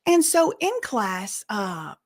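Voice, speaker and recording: A young woman hosting a casual commentary channel, talking straight to viewers in an animated, emphatic way and using y'all and casual slang. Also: mid-range voice, slow.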